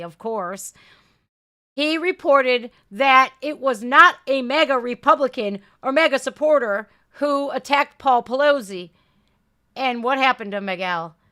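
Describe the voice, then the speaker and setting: A woman's voice: fairly high pitch, sharp tone. A woman hosting a reaction video, talking back to clips in an exasperated, heated way.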